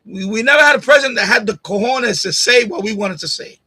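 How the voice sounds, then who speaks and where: A man's voice: high-pitched, lively intonation, fast talker, bright, forceful tone, breathy edge, rough recording. A man hosting a live stream, ranting straight at a viewer in a combative, repetitive way on a USB condenser mic at home. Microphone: USB condenser mic on boom arm.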